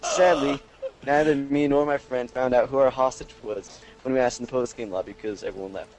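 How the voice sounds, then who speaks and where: A man's voice: mid-range voice, fairly even intonation, fairly quick, a little mellow, slight background noise, rough recording. A young man co-hosting a gaming podcast, reading a listener's story aloud and chatting casually. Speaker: podcast co-host.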